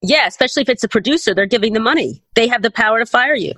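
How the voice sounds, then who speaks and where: A woman's voice: a little high, animated, very fast, bright, forceful tone, dry recording. A woman interviewer who is also an actress, asking long, searching questions and reacting strongly. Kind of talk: conversational interview.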